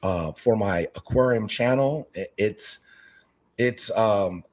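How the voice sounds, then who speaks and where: A man's voice: fairly low pitch, slow pace. A man who coaches youth basketball, chatting in an interview and acting out the people he quotes. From Northern California. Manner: animated storyteller, acts out quoted voices. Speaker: youth basketball coach and aquarium channel creator. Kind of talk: casual interview talk.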